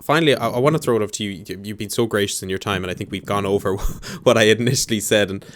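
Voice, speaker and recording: A man's voice: lowish voice, very fast, a little hiss or hum. A young man hosting a podcast interview, polite and a little hesitant, with frequent fillers. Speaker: podcast host.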